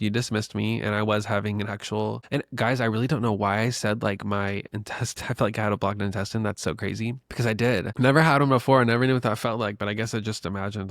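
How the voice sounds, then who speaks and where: A man's voice: fairly low pitch, a bit bright, dry recording, clean studio sound. A young man hosting his own podcast, telling a personal story in a chatty, casual way and calling his listeners "besties". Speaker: podcast host. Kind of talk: casual solo podcast talk.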